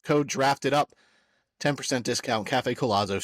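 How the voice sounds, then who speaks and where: A young man in an easygoing sports chat, his voice sitting in an ordinary middle pitch. He talks loosely, with plenty of filler words. The recording is close and dry. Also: measured pace, a bit bright, no room sound. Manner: laid-back, rambling, lots of filler words. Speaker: podcast co-host.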